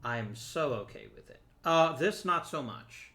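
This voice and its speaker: Bright-voiced man chatting through a game. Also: fairly high pitch, animated, normal speed. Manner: chatty and joking, talks to the viewers and to the players on screen. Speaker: let's play host. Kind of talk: casual gameplay commentary.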